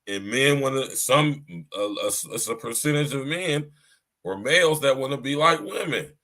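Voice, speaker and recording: Sharp-toned and expressive, a man with a mid-range voice hosts a livestreamed podcast at a moderate pace. He moralizes to his audience, circling back over the same points and talking straight to them.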